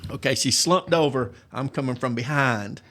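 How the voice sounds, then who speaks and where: A man's voice: mid-range voice, moderate pace, a bit bright. A man telling work stories in a casual chat, acting out quoted voices and laughing often. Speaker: appliance technician telling stories.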